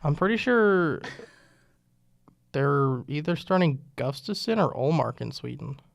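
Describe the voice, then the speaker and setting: Young male podcast host, casual and joking, slightly strained voice, gravelly texture, dry close mic. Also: a little high, lively intonation, a little slow, dry recording. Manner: loose, joking, with many restarts. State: losing his voice. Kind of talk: casual sports podcast chat.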